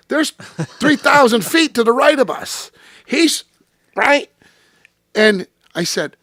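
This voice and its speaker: A man telling a story in a casual interview, profane and animated, acting out what people said. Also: very high-pitched, slow pace, long pauses, dry recording, studio quality. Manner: profane, animated storyteller who acts out quotes. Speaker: interview guest.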